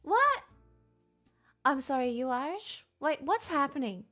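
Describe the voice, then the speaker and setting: A woman's voice: a little high, a little slow, soft background music. A tired Australian woman livestreaming, chatting with viewers, laughing often and swearing freely. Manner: giggly, sweary, rambling. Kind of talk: casual chat reading viewer comments.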